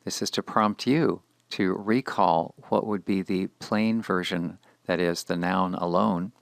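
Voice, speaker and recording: A man with a very low, gravelly voice reads a scripted language lesson at an unhurried pace. He is measured and deliberate and says each Hebrew word twice for the learner. The sound is dry and close to the mic. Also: fairly even intonation, no room sound. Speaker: Hebrew teacher.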